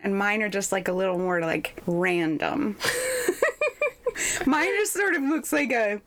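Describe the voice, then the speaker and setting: A young woman chatting casually as a podcast co-host, telling stories with frequent laughs and quick asides. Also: medium pitch, animated. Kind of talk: casual chat.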